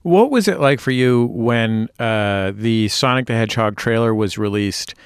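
A man interviewing a guest for radio, asking measured, thoughtful questions. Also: mid-range voice, clean tone, dry recording.

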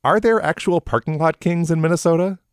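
A man's voice: fairly high pitch, brisk, clean tone, no echo, clean studio sound. A man co-hosting a podcast, chatting casually with wry jokes. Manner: wry, joking, animated. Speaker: podcast co-host. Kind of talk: casual chat.

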